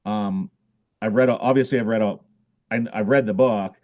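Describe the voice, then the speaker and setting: Casual male podcast guest, lowish voice, loose and rambling, slightly muffled recording. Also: fairly even intonation, normal speed. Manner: rambling, many fillers and restarts. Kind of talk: casual interview chat.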